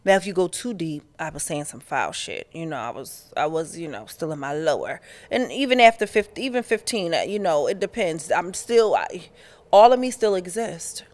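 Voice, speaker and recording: A woman hosting a podcast, talking in a candid, animated way, with slang and profanity, in a casual spiritual monologue. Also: medium pitch. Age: adult, past her teens. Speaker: podcast host.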